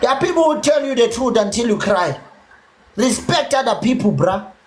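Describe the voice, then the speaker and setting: A man's voice: extremely high pitch, lively intonation, moderate pace. A South African man with a Zulu accent, holding forth on his own livestream in a heated rant. He is combative and swears freely. He drops in and out of Zulu mid-sentence as he scolds his viewers. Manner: combative, profane, mixes English with Zulu. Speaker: livestream host.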